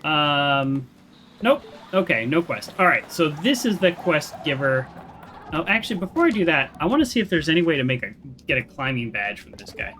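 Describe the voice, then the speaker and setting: A man's voice: on the high side, very animated, moderate pace, sharp tone, slight background noise. A man casually commenting while playing a video game, chatty and self-deprecating, thinking aloud with fillers and restarts. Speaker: gaming streamer. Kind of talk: casual let's-play commentary.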